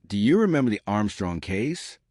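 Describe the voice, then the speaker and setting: A man's voice: lowish voice, big pitch swings, normal speed, a little mellow, no echo. Male reader as a grinning, boastful Italian salesman; chatty, dry close sound.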